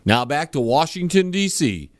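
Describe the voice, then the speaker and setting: Call-in host man, comedy radio, animated pitch, breezy patter. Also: normal speed, a little hiss or hum.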